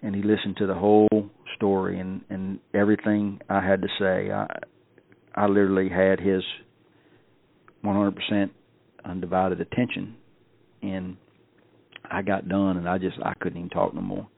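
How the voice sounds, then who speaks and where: Deep gravelly guy telling a story, kinda flat, repeats himself a lot, thin tinny phone sound. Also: dry recording. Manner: folksy, repeats words, halting restarts. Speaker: podcast guest. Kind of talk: personal storytelling.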